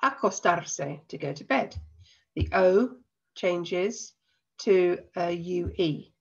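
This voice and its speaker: A woman teacher with an English accent and a cold, patiently explaining a recorded lesson and slowing down to spell things out. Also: lowish voice, lively intonation, gravelly, slightly rough, muffled recording. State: has a cold.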